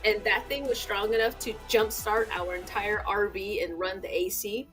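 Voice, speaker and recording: A woman's voice: mid-range voice, steady tone, moderate pace, fairly bright tone, soft background music. A young adult woman chatting casually as a co-host and telling stories with plenty of fillers, on a home computer mic. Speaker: podcast co-host. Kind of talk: casual chat.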